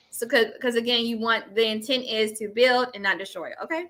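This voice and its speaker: A woman's voice: on the high side, steady tone, a little fast, fairly bright tone, slight background noise. A middle-aged woman co-hosting a podcast, chatting casually and animatedly about a book, often acting out quoted voices. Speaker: podcast co-host. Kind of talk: casual book discussion chat.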